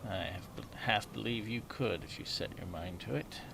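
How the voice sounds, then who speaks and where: A man doing a gruff grumbling worker. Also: fairly low pitch, normal speed. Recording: noisy home recording.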